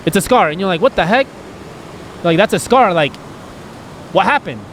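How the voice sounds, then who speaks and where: Earnest male podcast co-host, rambling and emotional, slightly high voice, faint background hiss. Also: lively intonation, fairly quick, a bit bright. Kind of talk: candid podcast conversation.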